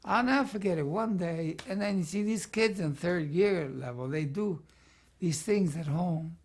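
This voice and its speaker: A man's voice: sits high, normal speed, darkish tone. An older man, a longtime art teacher, reminiscing in a rambling way and often saying "see" as he explains. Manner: rambling, peppers talk with "see". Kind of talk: reminiscing interview talk.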